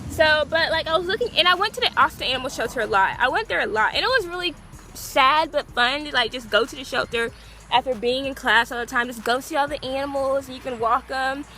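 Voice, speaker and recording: Young woman, high bouncy voice, bright tone, chatty and rambling, casual vlog. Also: quick pace. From Gulf Coast of Texas. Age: young adult. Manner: chatty and rambling, heavy use of "like"; excitable, bursts into loud squeals. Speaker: vlogger.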